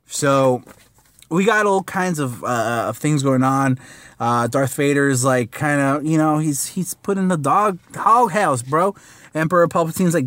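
A man's voice: fairly high pitch, moderate pace, a bit bright, no room sound. A man reviewing a comic book in a casual, rambling vlog, using lots of fillers and slang.

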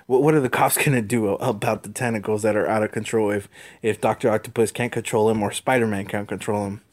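Halting man reading a comic aloud. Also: fairly low pitch, fairly even intonation. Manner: halting, repeats words and restarts often. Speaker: comic book reader. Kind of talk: casual comic read-aloud.

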